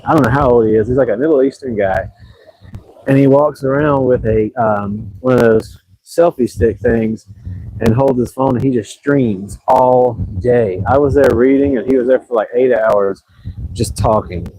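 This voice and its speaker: Chatty, mellow-voiced man livestreaming from a beach. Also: medium pitch, moderate pace, slightly rough, low-quality recording. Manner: chatty, rambling and self-deprecating. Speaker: livestream host. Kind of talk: casual livestream chat. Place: outdoors at an ocean beach.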